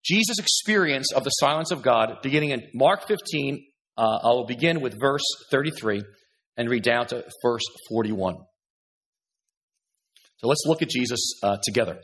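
A man's voice: medium pitch, animated, moderate pace, a bit bright. A male pastor preaching a sermon, earnest and emphatic, reading scripture and repeating words to stress his points.

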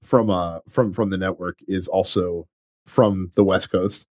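A man's voice: low voice, steady tone, measured pace, darkish tone. A man co-hosting a casual gaming podcast, laughing often in loose banter. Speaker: podcast co-host.

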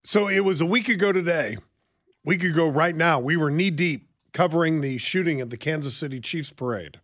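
A man's voice: on the high side, normal speed, a bit bright, dry recording, clean studio sound. Wry man hosting talk radio. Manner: wry, conversational, blunt. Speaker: radio talk show host. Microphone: studio microphone.

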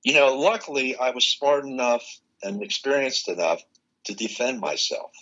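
An older man, a guest in an interview, telling a personal story in an animated way and acting out the exchanges he quotes. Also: mid-range voice, normal speed, lo-fi sound.

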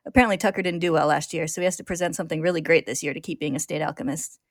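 A woman podcast host recaps an anime episode, narrating the story in a steady, clear way but very fast. Her voice is on the lower side for a woman. The recording is dry and close, with no room echo.

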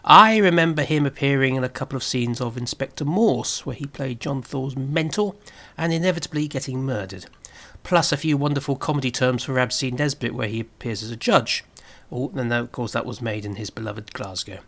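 A man presenting a scripted review of old television, speaking in a measured way with wry asides. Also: mid-range voice, fairly bright tone. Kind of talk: scripted narration.

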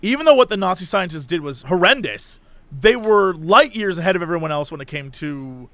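A man's voice: high voice, expressive, fairly quick, a bit bright, no room sound. A man co-hosting a podcast in casual chat, explaining history in an emphatic way. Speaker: podcast co-host.

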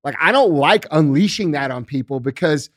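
Middle-aged guy on a podcast, kinda high voice, swears a lot, says bro and dude, super dry mic. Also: animated, moderate pace, a bit bright, no echo. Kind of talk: casual political chat.

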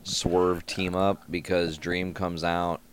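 A man's voice: low-pitched, level tone, slow pace, a little hiss or hum. A man co-hosting a casual podcast chat, chiming in with short reactions. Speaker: podcast co-host.

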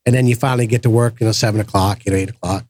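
A man hosting a podcast, telling a personal story in a casual, animated way and acting out the voices of the people in it. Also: on the low side, racing, no room sound. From grew up in the projects. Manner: animated storyteller, acts out quoted voices, frequent restarts. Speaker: podcast host.

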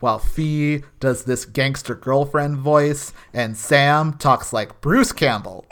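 A male podcast co-host talks through an episode in a loose, wandering way, often stopping and restarting and leaning on filler words. His voice is average in pitch for a man, a bit bright, and his pace is slow. It's a casual chat.

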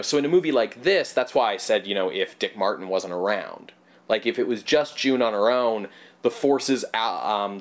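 A man co-hosting a podcast, chatting casually and at length about films, rambling and swearing now and then. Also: fairly low pitch. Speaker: podcast co-host. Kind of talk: casual film discussion.

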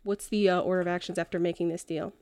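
A woman's voice: on the low side, flat delivery, fast, a little mellow, dry recording, clean studio sound. A woman narrating as game master in a casual, loose tabletop session. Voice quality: casual, filler-heavy narration.

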